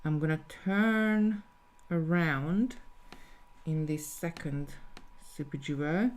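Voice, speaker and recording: A woman's voice: low-pitched, very slow. A woman talking through a live beading tutorial step by step, thinking aloud as she works. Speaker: jewellery designer teaching beading.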